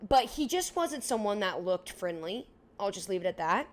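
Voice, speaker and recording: A young woman in her twenties co-hosting a podcast, telling a story in a casual, animated way, filling it with "like" and acting out what people said. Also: mid-range voice, moderate pace. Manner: animated, heavy use of "like", acts out dialogue. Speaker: podcast co-host.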